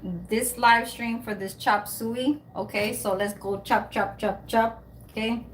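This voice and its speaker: A woman's voice: on the high side, steady tone, slow, slight background noise. A woman hosting a casual cooking livestream at home, chatting with her viewers while she cooks and swearing now and then. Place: home kitchen, then outdoors.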